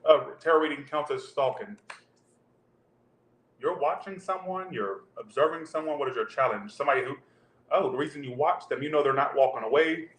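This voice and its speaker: A man's voice: fairly high pitch, brisk, fairly bright tone. A man giving a casual tarot reading, talking loosely and straight to his viewers. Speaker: tarot reader. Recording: roomy echo with faint background hum.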